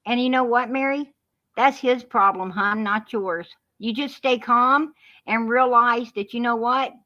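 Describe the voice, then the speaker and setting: A woman's voice: fairly high pitch, a little slow, bright, forceful tone. A woman speaking on a heated live stream, preachy and repetitive, calling people hon and sweetheart. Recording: muffled lo-fi live-stream audio.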